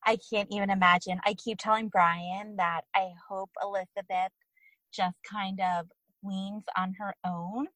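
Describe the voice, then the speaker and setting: A woman in her thirties chatting earnestly as a co-host, reflective and quick to laugh. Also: mid-range voice, fairly even intonation, a bit bright, dry recording, poor audio. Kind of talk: casual chat.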